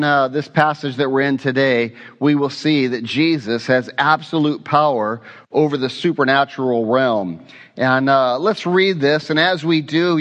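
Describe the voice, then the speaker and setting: A man's voice: a little high, big-room sound. A man preaching an expository sermon as a pastor, conversational and often asking his congregation questions.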